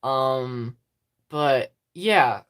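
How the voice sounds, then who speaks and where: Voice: mid-range voice, animated, drawn-out words, a bit bright, clear, resonant tone. A livestream host chatting casually with viewers into a phone, rambling with many fillers and frequent giggles.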